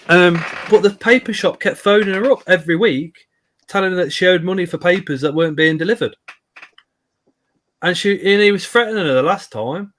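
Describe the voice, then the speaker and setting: A man's voice: high-pitched, fairly quick, fairly bright tone, a little hiss or hum. A man in his thirties telling blunt, sweary anecdotes on a live stream. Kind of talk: casual storytelling chat.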